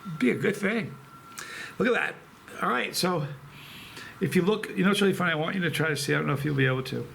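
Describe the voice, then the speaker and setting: A man speaks in a gravelly, slightly raised voice, circling back and restarting as he talks straight to the camera. His manner is heartfelt and rambling, with faint noise in the background. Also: a little high, a bit bright. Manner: rambling, halting, emotional, many restarts. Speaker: chili pepper channel host. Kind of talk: casual vlog talk to camera.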